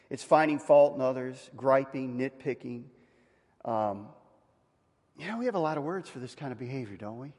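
A male pastor preaching a conversational sermon, asking the congregation questions and rising to loud emphatic peaks. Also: medium pitch. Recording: long reverb of a hall.

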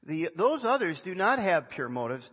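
A man preaching a sermon as a pastor, animated and conversational, with chatty asides. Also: high-pitched, moderate pace, breathy edge. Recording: dull lo-fi sound with long reverb in a hall.

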